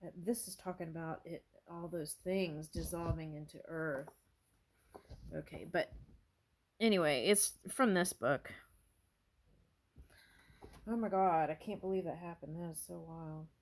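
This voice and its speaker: A woman tarot reader talking casually and reading prayers aloud. She jumps from thought to thought, apologizes for it, and breaks into high-pitched amazement. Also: measured pace, long pauses. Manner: scattered and excitable, apologizing and backing up. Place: home with her dog nearby.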